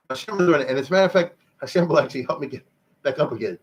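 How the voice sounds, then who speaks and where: A male rabbi teaching Jewish history in a lively, conversational lecture, explaining Hebrew terms as he goes. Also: fairly high pitch, rapid-fire, breathy edge.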